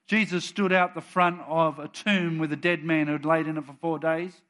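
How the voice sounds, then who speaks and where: A man preaching to his church, moving between soft chatty asides and loud, bold readings of scripture. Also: on the high side, steady tone, moderate pace, few pauses. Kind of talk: sermon.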